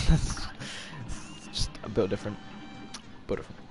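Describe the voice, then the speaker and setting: A sixteen-year-old boy streaming a game, excitable and swearing, shouting at the game. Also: fairly high pitch, unhurried, pauses often, over loud music. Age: teens. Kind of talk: live gameplay commentary.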